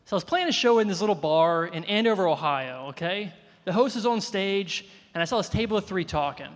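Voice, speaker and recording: A man doing a stand-up comedy set before a live audience, telling animated self-deprecating stories. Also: high voice, brisk. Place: live venue with audience, reverberant room. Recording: live venue with long reverb.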